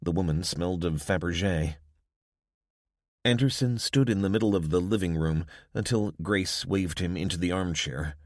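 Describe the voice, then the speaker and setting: A man giving measured scripted narration of an audiobook on a studio mic. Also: sits low, dry recording.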